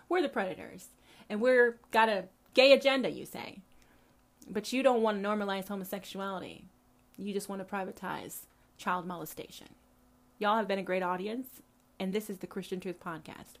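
A woman hosting a podcast, speaking in an impassioned, profane monologue with a preacher-like cadence. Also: mid-range voice. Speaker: podcast host.

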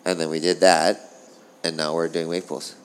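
A middle-aged man, a former pro surfer, telling stories in a casual interview, animated and profane, rambling along. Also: low voice, moderate pace, clean tone.

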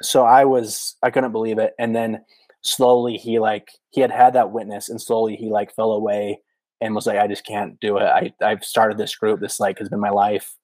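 A man's voice: lowish voice, normal speed, no room sound, poor audio. A man in his thirties telling a story as a podcast guest, full of "like" fillers and acted-out quotes. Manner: animated storyteller, many "like" fillers, acts out quotes. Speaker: podcast guest, former missionary. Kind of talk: casual storytelling.

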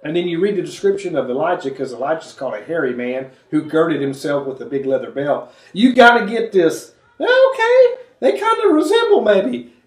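A man leading a conversational Bible study, animated and acting out the voices he quotes. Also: fairly high pitch, fairly quick, hardly any pauses, roomy sound, distant mic. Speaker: Bible teacher.

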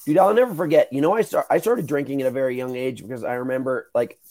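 Young guy podcast host, casual storytelling, swears a lot, does little voices, regular pitch. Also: fast. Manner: animated, swearing, acts out quoted voices.

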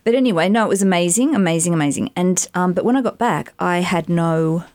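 A middle-aged woman, an actress and voiceover artist, telling animated stories in a casual interview, with rambling asides. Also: on the low side, fairly quick, dry recording. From Australia. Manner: animated, chatty, rambling anecdotes with many asides.

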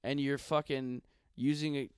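A man's voice: medium pitch, little pitch movement, normal speed, darkish tone, clean tone, dry recording. A man in his twenties, a stand-up comedian from Buffalo, delivering a profane, slangy comedic rant. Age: 20s.

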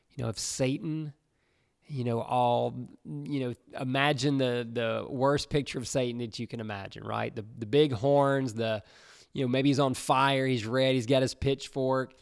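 A man's voice: mid-range voice, vocal fry, dry recording, studio quality. A man preaching in a casual, conversational way to young listeners, often checking in with his audience. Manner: conversational, repeats "right?" and "you know".

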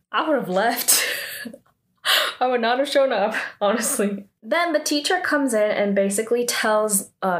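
A woman's voice: mid-range voice, fairly bright tone. A woman giving a casual drama recap, chatty and full of "like" fillers, breaking in with indignant comments on the characters. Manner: chatty, filler-heavy with frequent "like".

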